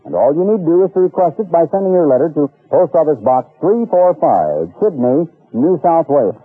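A man hosting a religious radio broadcast, telling homely stories in a folksy, animated sermon style, on a tinny lo-fi recording. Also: on the high side, fairly quick, breathy edge. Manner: folksy, animated storytelling with acted voices. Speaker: radio evangelist host.

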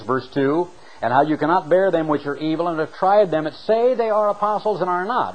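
Emphatic male preacher with a higher voice. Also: darkish tone, rough recording. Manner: emphatic, rising and falling delivery, stresses key words. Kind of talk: sermon with scripture reading.

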